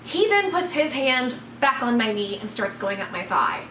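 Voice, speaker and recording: A woman vlogger telling a personal story in a blunt, expressive way, swearing freely. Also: fairly high pitch, moderate pace, recorded from a distance. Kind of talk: casual storytelling to camera. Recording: roomy echo, voice from off the mic, faint room noise.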